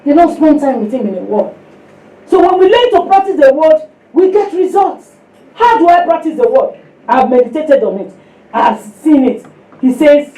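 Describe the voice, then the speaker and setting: A woman's voice: sits high, very animated, normal speed, dark tone. A Nigerian woman preaching a sermon at a women's fellowship. She tells stories with sound effects, drops in Yoruba phrases and exhorts the listeners directly. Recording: echoey room, distant mic, faint noise.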